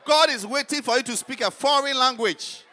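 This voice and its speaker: Fervent high-voiced male preacher. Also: moderate pace. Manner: fervent, swings from shouts to low murmurs. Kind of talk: sermon.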